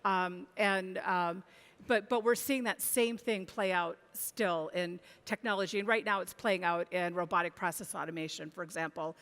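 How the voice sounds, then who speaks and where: A woman's voice: on the low side, normal speed, a bit bright. A woman analyst speaking on a conference panel, thoughtful, with many restarts and fillers. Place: conference stage. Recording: long hall reverb.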